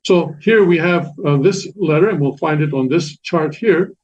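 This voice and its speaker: A man gives a patient lecture in a slightly raised voice, often restarting his sentences and filling the pauses. The recording sounds dull and lo-fi. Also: a little high. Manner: patient, repetitive, many fillers and restarts. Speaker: teacher. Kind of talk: classroom lecture explaining Korean letters.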